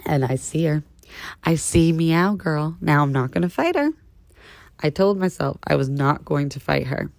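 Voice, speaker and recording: A woman in her thirties with a low voice tells a story with sass and relish, swinging into animated bursts as she calls her listeners "honey." The sound is dry and close, with no room around her. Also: moderate pace, creaky, no echo. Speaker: podcast host. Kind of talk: casual storytelling monologue.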